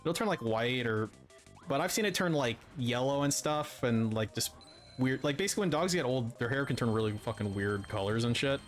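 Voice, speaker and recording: A man's voice: medium pitch, expressive, fairly quick, faint music behind. A man giving sarcastic, mocking commentary on a stream, swearing often and filling his talk with "like.". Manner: sarcastic, swears a lot, many fillers.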